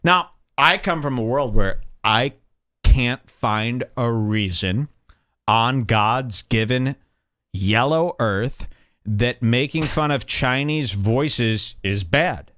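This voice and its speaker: A man's voice: medium pitch, slow, a bit bright. A man hosting a comedy radio show, delivering a sarcastic, mock-serious rant meant to provoke.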